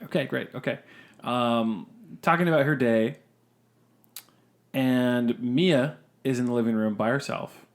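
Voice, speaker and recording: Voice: mid-range voice, measured pace, pauses often. A podcast co-host chatting casually with friends and reading listener ghost stories aloud, stumbling and restarting as he reads. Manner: hesitant reader with restarts and asides. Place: podcast recording session with co-hosts.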